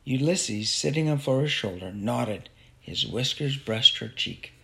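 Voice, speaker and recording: Gravelly male storybook narrator. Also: mid-range voice, animated, measured pace, fairly bright tone. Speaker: audiobook narrator.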